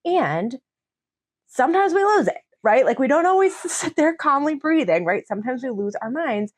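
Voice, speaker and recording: A woman's voice: high-pitched, big pitch swings, normal speed, no room sound. A woman in her thirties co-hosting a podcast, explaining parenting ideas in an earnest, chatty way. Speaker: podcast co-host. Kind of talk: casual chat.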